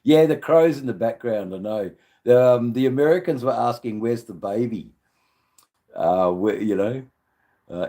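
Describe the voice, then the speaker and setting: Hosting a live stream, an Australian man rambles and swears liberally while greeting viewers in the chat. His voice is deep and unhurried, with an expressive, dark tone.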